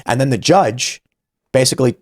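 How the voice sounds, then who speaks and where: A man's voice: medium pitch, expressive, normal speed, no echo, clean studio sound. A man in his thirties hosting a podcast, telling a story casually and animatedly, acting out the voices he quotes. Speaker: podcast host.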